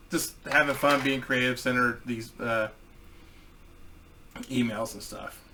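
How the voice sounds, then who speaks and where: A man's voice: mid-range voice, steady tone, slow, pauses often, bright, forceful tone, distant mic, slight background noise. Crude, laughing man telling stories. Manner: crude, boisterous, laughs at his own stories. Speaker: host. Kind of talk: casual storytelling.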